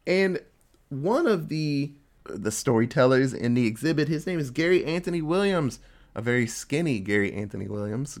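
A man casually recapping a TV episode with a co-host, telling it in an animated way and popping into quick voices for the characters. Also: medium pitch. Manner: animated storytelling with quick voice switches for quoted characters. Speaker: podcast co-host.

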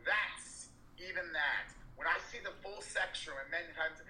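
Brash, bright-voiced man in a roomy space. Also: fairly high pitch, measured pace, a little hiss or hum. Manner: rambling, emphatic and profane, with many restarts and fillers. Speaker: podcast co-host. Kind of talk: candid casual chat.

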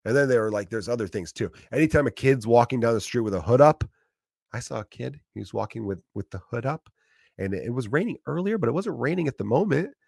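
A man's voice: medium pitch, lively intonation, fast talker, gravelly, darkish tone, breathy edge, no echo, studio quality. A man in his thirties with a profane, rambling style in a casual comedic monologue.

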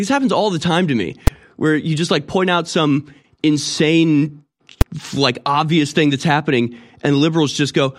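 A man's voice: fairly high pitch, a little fast. A man delivering an opinionated, sarcastic monologue with rambling restarts. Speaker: commentator.

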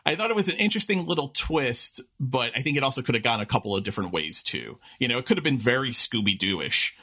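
Bright-voiced man, rambling podcast co-host. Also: mid-range voice, fast talker. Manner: rambling, restarts and filler-heavy, animated asides. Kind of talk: casual chat.

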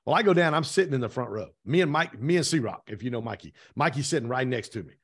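A man's husky, slightly rough voice at a middle pitch, talking as a podcast guest. He tells his story with lots of energy and slips into the voices of the people he quotes. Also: fast talker. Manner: energetic, retells events with lively quoted dialogue. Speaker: podcast guest, real estate team owner. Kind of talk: animated storytelling in conversation.

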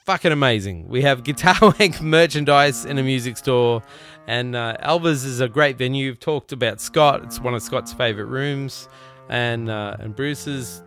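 A man's voice: mid-range voice, normal speed, fairly bright tone, faint music behind. A man with an Australian accent hosting a podcast in loose, rambling casual chat, swearing freely and joking around. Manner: loose, profane, rambling and jokey. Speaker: podcast host.

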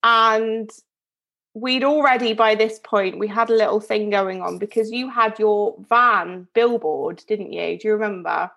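Gravelly and a bit bright at medium pitch, this woman speaks at a measured pace. She's a podcast co-host rambling through a casual story, cutting herself off and laughing frequently.

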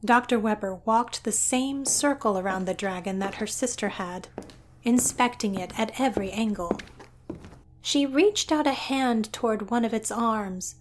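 A woman narrating a scripted story in an even, descriptive way. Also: fairly high pitch, measured pace, a little hiss or hum.

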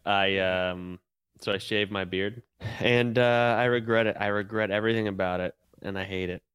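A man's voice: lowish voice, fairly even intonation, moderate pace, fairly bright tone, clean tone, no echo. A man co-hosting a podcast, chatting casually and telling rambling stories with frequent laughs. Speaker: podcast co-host. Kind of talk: casual chat.

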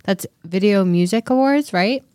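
A young woman co-hosting a podcast, chatting casually about pop-culture news with quick reactions. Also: mid-range voice, lively intonation, mellow, no room sound, studio quality. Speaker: podcast co-host. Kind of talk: casual chat.

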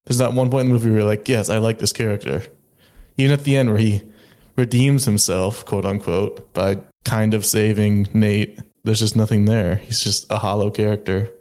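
A man co-hosting a casual movie review, blunt and critical. His voice is low-pitched and flat, with little rise or fall. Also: normal speed. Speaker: podcast co-host.

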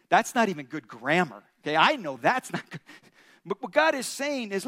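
High-voiced male pastor telling a story. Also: normal speed. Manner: animated storytelling with chuckles. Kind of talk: sermon.

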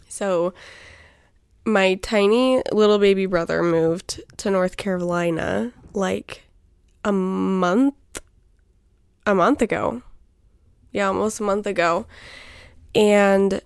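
A young woman talks casually on her podcast, drifting and self-interrupting as she fills pauses with small fillers. Her voice sits at an ordinary pitch. The sound is dry and close, with no room around it. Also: darkish tone, dry recording. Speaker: podcast host. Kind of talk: casual personal chat.

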